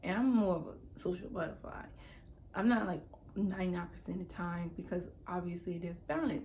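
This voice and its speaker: A woman's voice: fairly low pitch, brisk, a little mellow, slight background noise. A young adult woman talking casually to camera in a rambling self-help monologue, repeating words and sometimes dropping to a whisper. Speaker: YouTuber.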